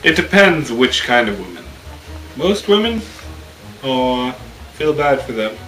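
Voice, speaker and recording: A young man with a bright, pointed voice who takes his time, then blurts things out playfully. His slightly high voice bounces around an echoey room. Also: big pitch swings, unhurried, faint music behind. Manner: playful, exclamatory. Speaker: panel member. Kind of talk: casual opinion chat. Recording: roomy room sound.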